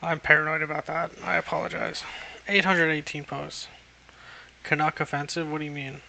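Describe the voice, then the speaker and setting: Brief: young male streamer, gravelly and bright, rambling profane chatter. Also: a little high, little pitch movement, normal speed, a little hiss or hum. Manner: profane, rambling, swears constantly. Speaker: livestreamer. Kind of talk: casual livestream chat.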